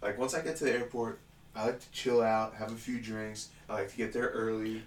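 A man with a lowish voice talks a little fast, far from the mic, amid roomy echo and faint room noise. He's telling an animated story in casual chat, packed with swearing and laughter.

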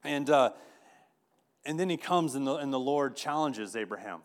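A man's voice: mid-range voice, animated, moderate pace. A man preaching a sermon in a conversational way, often restarting and repeating words as he tells a story. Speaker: pastor.

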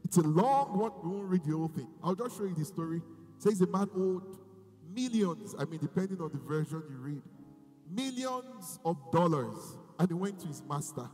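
A man preaching a sermon, moving between quiet reading and loud, drawn-out cries of praise. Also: high-pitched, lively intonation. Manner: preaching with sudden loud, slow sung-out bursts of praise. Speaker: pastor. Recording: long hall reverb with faint music.

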